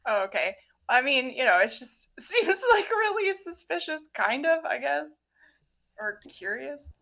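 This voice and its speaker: A woman playing a tabletop game, chatting casually and hedging her words. Her voice is bright and forward, pitched fairly high for a woman. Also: sing-song, measured pace, vocal fry. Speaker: player.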